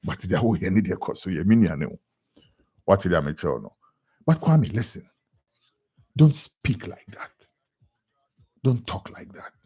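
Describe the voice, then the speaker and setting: A young Ghanaian man with a Ghanaian accent giving an animated editorial commentary on radio, often repeating words for emphasis. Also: sits low, measured pace, pauses often, husky.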